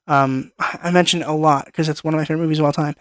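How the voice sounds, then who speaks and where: A man's voice: a little high, fairly even intonation, rapid-fire, a bit bright, no echo. A young man giving an enthusiastic, rambling film review, often repeating his words. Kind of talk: casual film review monologue.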